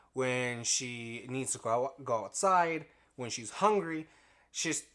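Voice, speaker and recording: A man co-hosting a casual podcast chat, talking close to the mic in a rambling, hesitant way with many restarts. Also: medium pitch. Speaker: podcast co-host.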